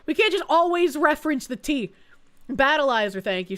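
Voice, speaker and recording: A woman's voice: high-pitched, expressive, moderate pace, fairly bright tone. A woman from Boston streaming live, reacting to clips with crude jokes and reading out chat messages. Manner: crude, joking, reads chat messages aloud.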